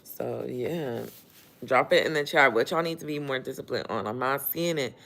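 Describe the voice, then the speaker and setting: A man hosts a relaxed livestream, talking in an everyday mid-range voice. He keeps up a chatty, motivational flow, reads out viewer comments and laughs as he goes, working while he talks. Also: mid-range voice, normal speed, vocal fry. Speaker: livestream host. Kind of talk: casual livestream chat.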